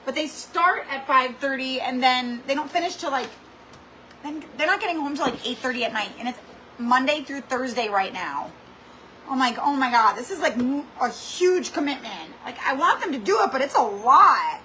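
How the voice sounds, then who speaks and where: A woman with a high, bright, ringing voice hosts a casual craft livestream. She tells stories animatedly and dramatically, peppering every sentence with "like.". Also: moderate pace, a little hiss or hum, rough recording. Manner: animated, dramatic storytelling with lots of "like". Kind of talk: chatty livestream storytelling. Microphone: computer or camera mic for a live stream.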